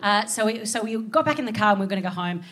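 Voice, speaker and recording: A woman with an Australian accent telling a comic story on stage, animated and swearing freely as she acts out voices. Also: medium pitch, very fast. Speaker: comedian. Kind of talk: live stand-up storytelling.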